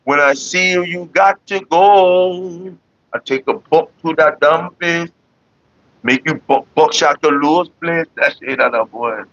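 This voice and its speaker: A man's voice: fairly high pitch, unhurried, a bit bright, dry recording, highs cut off. A young man rambling casually to camera, joking and laughing often. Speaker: vlogger.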